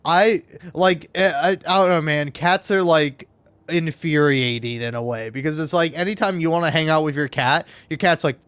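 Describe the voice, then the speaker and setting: A man's voice: a little high, moderate pace, a bit bright, clear, resonant tone, no echo. A man rambling casually from home while playing a game, swearing and laughing often. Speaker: let's play host. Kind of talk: casual gaming commentary.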